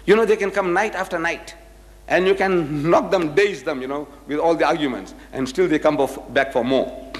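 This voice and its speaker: A man's voice: a little high, normal speed, big-room sound. An older man giving a religious lecture to an audience, telling anecdotes and acting out the voices of the people in them. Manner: storytelling, acting out quoted voices.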